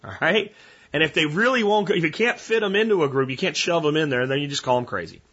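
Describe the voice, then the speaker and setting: A man's voice: a little high, fast talker, fairly bright tone, husky, dull audio. Blunt, profane male podcast host. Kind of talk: ranting monologue.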